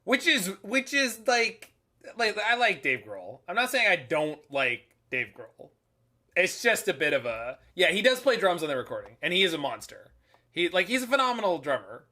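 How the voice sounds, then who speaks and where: Chatty game streamer, male, slightly high and bright voice, rambling jokey banter. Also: sing-song, moderate pace. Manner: chatty, rambling, lots of filler likes; jokey asides, laughs at his own remarks. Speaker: streamer playing an online card game. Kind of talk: casual live-stream commentary.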